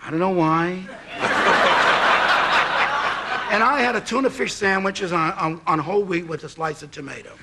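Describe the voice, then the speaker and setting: A man's voice: high-pitched, normal speed, long pauses, heavy background noise. A man, telling a comic anecdote as a talk show guest and acting out both sides of the dialogue. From Brooklyn, New York. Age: 60s. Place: TV studio.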